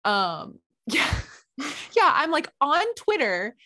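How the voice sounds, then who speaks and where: A woman co-hosting a podcast, talking casually with lots of "like" and quick agreement. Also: high voice, sing-song, pushed and bright, dry recording, studio quality. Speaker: podcast co-host. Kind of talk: casual chat.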